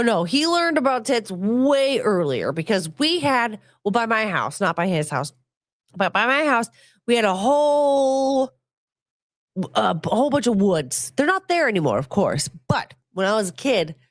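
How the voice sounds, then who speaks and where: Woman host rambling thru crude stories, jokey, dry close mic, regular middle pitch. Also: no echo. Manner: chatty, crude and joking, swings pitch a lot in quoted voices. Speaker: podcast host. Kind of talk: casual chat, storytelling and reading chat comments.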